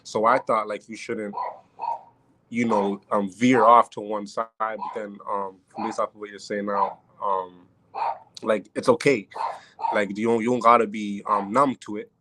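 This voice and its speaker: A man asking a hesitant question during a live study session, with many pauses and restarts. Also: lowish voice, flat delivery, noisy background. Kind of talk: casual question on a live stream.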